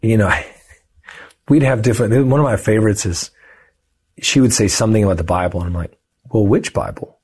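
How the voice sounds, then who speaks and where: A man in his thirties, a guest on a podcast, telling a personal story in a lively, conversational way and acting out the voices of the people in it. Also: fairly low pitch, a little fast, pauses often, slightly rough. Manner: animated, lively storyteller who acts out quoted dialogue.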